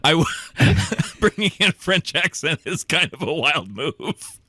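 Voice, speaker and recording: A comedy podcast co-host in casual banter, reacting with quick reactions and laughing asides. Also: mid-range voice, very animated, sharp tone, breathy edge, dry recording, studio quality.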